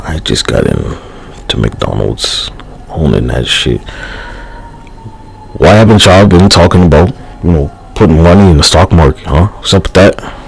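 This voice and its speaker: A man's voice: a bass voice, vocal fry, slight background noise, low-quality recording. A man live streaming, rambling loosely in a casual, profane, slangy way. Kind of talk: rambling casual livestream talk.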